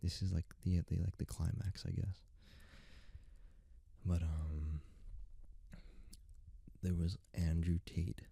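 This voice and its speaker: Soft-spoken young man rambling, gravelly and dark. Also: low-pitched, little pitch movement, slow pace, pauses often, no room sound. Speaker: ASMR creator.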